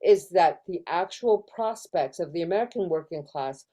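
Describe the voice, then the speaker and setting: Middle-aged woman professor, mellow voice. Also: fairly low pitch, expressive, normal speed. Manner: thoughtful, lots of fillers and restarts, acts out quoted voices. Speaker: professor being interviewed. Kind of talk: casual academic discussion. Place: in California.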